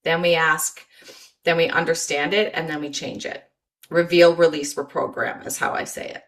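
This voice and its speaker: A woman's voice: low voice, flat delivery, normal speed, fairly bright tone. A woman presenting a motivational webinar, encouraging and repeating key phrases, reading chat comments aloud over a video call.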